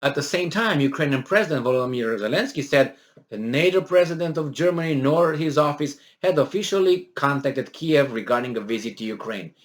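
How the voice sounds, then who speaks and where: A man's voice: on the high side, expressive, a little fast. A man giving casual commentary on a news article, rambling with many fillers and restarts, and acting out the voices he quotes with mock exasperation.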